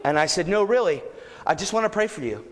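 Man preaching in a big hall, high voice swinging all over, gets shouty when he pushes. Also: fast talker. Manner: animated, rising to shouts when exhorting. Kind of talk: sermon with storytelling. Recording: echoey hall, long reverb.

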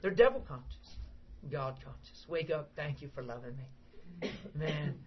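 A man's voice: on the high side, unhurried. Emphatic middle-aged male preacher, lo-fi. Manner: emphatic and animated, acts out prayers and quotes. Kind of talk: informal sermon to a small group. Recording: dull lo-fi recording with faint background hiss.

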